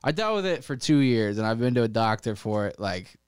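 Young man, casual chat, many fillers, profane, laughs often, middling pitch, smooth tone. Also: very animated, fairly quick, no echo, clean studio sound.

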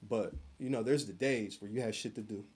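A man chatting on a podcast, telling an animated, profane work story full of slang. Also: lowish voice, a little fast, slightly rough. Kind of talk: casual podcast chat.

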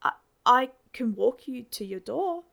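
Awkward teen boy, stammers a lot, gravelly edge, woman doing him. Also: on the high side, animated, unhurried, fairly bright tone, pitched above the performer's own voice, full character voice. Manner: stammering, nervous. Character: nervous, awkward teenage boy.

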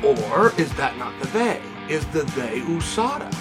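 A man's voice: mid-range voice, big pitch swings, music in the background. A man hosting his own show, giving blunt, opinionated commentary and firing off rhetorical questions. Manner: rapid-fire rhetorical questions; emphatic and blunt. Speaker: host.

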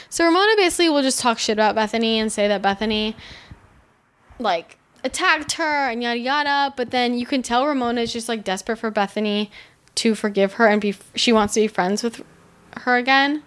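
Chatty, exasperated woman with a higher voice. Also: a little fast. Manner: animated, swearing, heavy use of "like"; exasperated, sarcastic commentary. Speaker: reality TV recap host. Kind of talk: casual chat.

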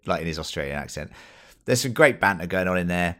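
Deep-voiced man reviewing a film. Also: brisk, fairly bright tone. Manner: enthusiastic, swears casually, acts out quotes. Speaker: podcast co-host. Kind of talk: casual film review chat.

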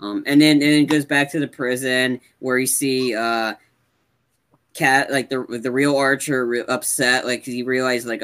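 A man's voice: mid-range voice, little pitch movement, normal speed, a bit bright, smooth. Rambling man recapping a film. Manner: rambling, many fillers like "like" and "yeah". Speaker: podcast co-host. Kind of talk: casual chat recapping a film.

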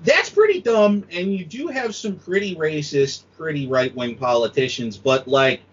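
Animated man, husky lo-fi voice. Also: mid-range voice, moderate pace. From United States. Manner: animated, sweary, mocking quoted voices. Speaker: podcast guest, film critic. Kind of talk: casual podcast chat. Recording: dull lo-fi audio.

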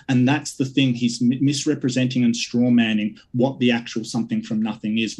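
A man debating online, pressing his points hard and stacking up objections in quick lists. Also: mid-range voice, breathy edge. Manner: forceful, lists points in rapid runs. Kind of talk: online debate closing statement.

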